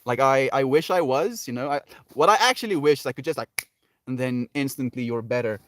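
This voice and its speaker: A man's voice: medium pitch, fairly quick, fairly bright tone. A man hosting a casual livestream, reading viewer comments and answering with earnest encouragement and frequent laughs. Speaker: livestream host.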